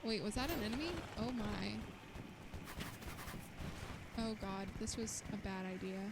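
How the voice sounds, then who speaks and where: A woman's voice: medium pitch, a little slow. A woman immunologist streaming a shooter game, chatting to viewers and yelping when things go wrong. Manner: excitable, yelps and chatters to viewers while playing. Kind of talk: live-streamed gameplay commentary. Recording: loud game noise behind voice.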